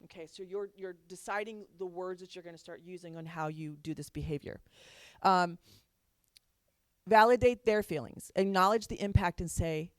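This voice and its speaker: A woman's voice: on the low side, no room sound, studio quality. Chatty woman speaker, laughing often. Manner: warm and chatty, laughing often between points. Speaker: counselor speaking on parenting. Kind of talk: talk to an audience.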